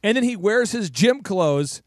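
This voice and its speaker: A high, lively middle-aged man hosts a casual talk show, telling stories with lots of laughter and restarts. His voice bounces around in pitch. It is recorded close and dry, with no room sound. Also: unhurried, dry recording. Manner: animated storytelling, laughing and restarting sentences. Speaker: host.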